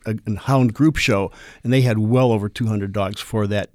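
A man who is a kennel club president and dog show judge, talking through judging points in a casual radio interview, measured and full of small fillers. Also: lowish voice, steady tone, a little mellow, no room sound, studio quality. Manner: measured, explanatory, with frequent fillers.

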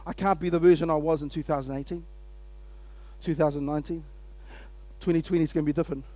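A man preaching a sermon as pastor, energetic and exclamatory, calling out to his congregation and laughing between points. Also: a little high, fast. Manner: energetic and exclamatory, often laughing, calls out to the audience.

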